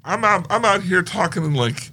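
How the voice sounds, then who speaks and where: Excitable jokey guy, gravelly voice, bouncing all over in pitch. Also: normal speed, slight background noise. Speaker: co-host. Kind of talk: casual movie chat.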